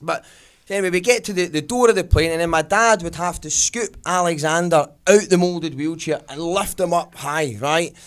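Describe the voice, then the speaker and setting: Animated Glaswegian comedian, slightly high voice. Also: male voice. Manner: animated, fast-paced storytelling. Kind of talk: stand-up comedy.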